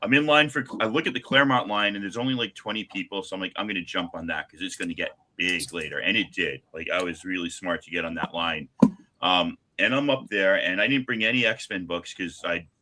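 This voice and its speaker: A man in his fifties from Long Island, hosting a live stream and telling stories in a chatty, animated way. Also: low voice, a little fast. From Long Island, New York. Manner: chatty, animated, acts out what people said. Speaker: comic shop live stream host. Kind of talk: casual storytelling chat.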